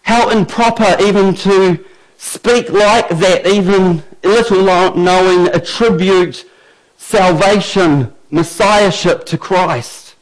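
Male preacher, high voice, slow and emphatic sermon delivery. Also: poor audio. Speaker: pastor.

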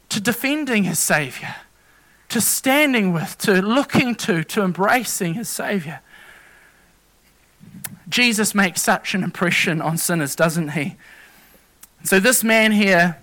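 A man preaching a sermon, earnest and halting, often restarting and correcting himself as he goes. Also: high-pitched, a bit bright.

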